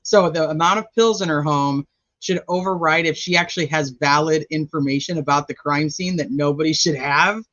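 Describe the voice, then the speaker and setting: A man's voice: on the high side, moderate pace, sharp tone, no echo, highs cut off. A man hosting a true crime channel, talking through his notes in a chatty, rambling livestream style. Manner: chatty, rambling, thinking aloud while checking notes. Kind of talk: casual livestream commentary.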